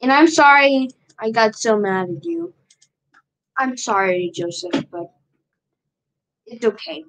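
Casual woman streamer, higher voice with a lot of swing, rambling to herself on stream. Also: animated, slow pace, long pauses, fairly bright tone, low-quality recording. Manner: talks to herself while working the screen, repeats questions. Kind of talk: casual live-stream chatter.

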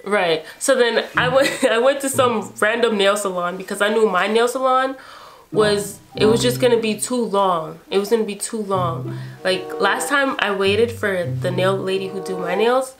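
A beauty vlogger in her twenties from New York tells a story casually, acting out her own reactions with animation as music plays behind her. Her voice sits at a medium pitch and moves at a moderate pace.

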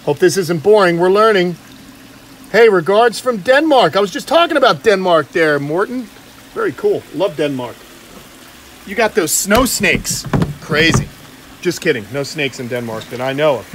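A man's voice: on the high side, a bit bright, a little hiss or hum. Upbeat man hosting a live pond stream. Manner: upbeat, joking, reads viewer comments aloud. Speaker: reptile channel host. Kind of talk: casual live stream chat. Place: outdoors by a garden pond.

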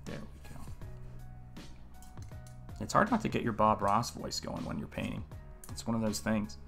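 A man's voice: on the low side, very animated, brisk, gravelly, fairly bright tone, soft background music. A man hosting a live painting stream, talking in a casual, earnest, musing way and greeting viewers in the chat by name.

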